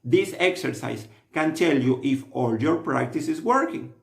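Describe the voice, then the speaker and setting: A man giving scripted narration as a language teacher, with an instructive, steady delivery. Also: mid-range voice, measured pace, gravelly. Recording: roomy echo.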